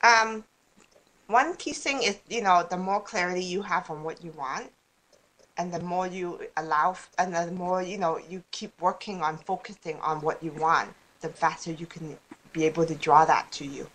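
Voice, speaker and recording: Woman guest, lowish voice, loose rambling delivery with frequent restarts, chatty interview tone. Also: normal speed, fairly bright tone, slight background noise. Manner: rambling, restarts often, laughs easily. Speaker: guest speaker on law of attraction. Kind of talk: casual podcast interview.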